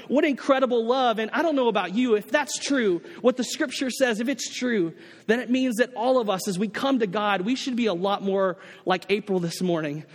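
A man's voice: high voice, in a large hall. A man preaching a sermon to his congregation, telling a story with many restarts and acting out the people in it. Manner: storytelling, animated quoted voices, many restarts. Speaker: pastor.

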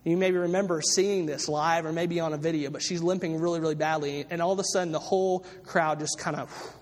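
High-voiced preacher in an echoing hall. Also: male voice, steady tone, a little fast. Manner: storytelling with many fillers and restarts. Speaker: pastor. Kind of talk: sermon. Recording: long reverb of a large hall.

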